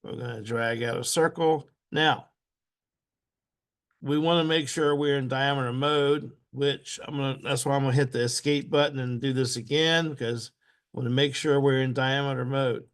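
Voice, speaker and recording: A man teaching a step-by-step software tutorial. He repeats each step aloud patiently and keeps clearing his throat. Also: medium pitch, fairly even intonation, moderate pace. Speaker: instructor.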